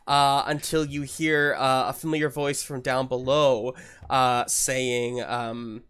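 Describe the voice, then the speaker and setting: A man narrating a tabletop game as game master, relaxed and rambling with many fillers. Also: mid-range voice, slow, clear, resonant tone.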